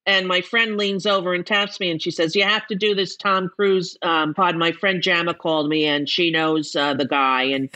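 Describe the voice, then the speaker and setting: A woman's voice: lowish voice, fairly even intonation, moderate pace, hardly any pauses, sharp tone. A woman appearing as a podcast guest, telling a story earnestly and from the heart. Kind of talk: sincere interview talk.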